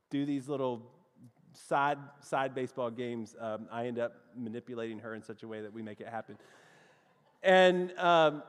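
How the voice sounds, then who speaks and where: A Southern-accented pastor tells a story from the pulpit, calling out to his congregation as friends. His voice sits a bit high for a man and keeps an animated, storytelling lilt. The sound rings with the long reverb of a large hall. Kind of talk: sermon with a personal story.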